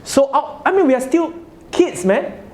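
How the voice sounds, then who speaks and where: A man's voice: very high-pitched, very animated, moderate pace. A man giving a religious talk to a live audience, telling a story and asking listeners questions. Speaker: religious speaker.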